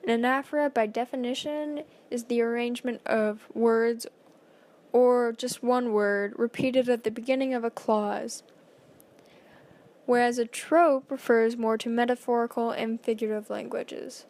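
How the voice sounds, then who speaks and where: Woman, slightly high voice, reading a class presentation, careful delivery with small slips. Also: fairly even intonation, measured pace, a little mellow.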